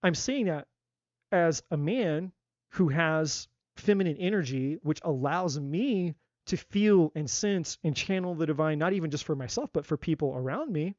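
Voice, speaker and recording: A man's voice: fairly high pitch, animated, normal speed, a little mellow, no echo, highs cut off. A man giving a live tarot reading, talking emphatically in a repetitive style and swearing casually. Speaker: tarot reader. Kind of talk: live-stream spiritual talk.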